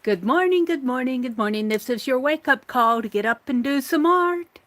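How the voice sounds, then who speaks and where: A woman's voice: sits high, normal speed. A woman hosting a casual morning art livestream, chatting to herself and her viewers as she works at her craft table. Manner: chatty, talks to herself while working. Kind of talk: casual chat while crafting.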